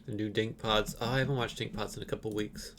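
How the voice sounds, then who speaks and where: A man streaming, chatting casually with relaxed, offhand asides. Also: on the low side, fast, noisy background.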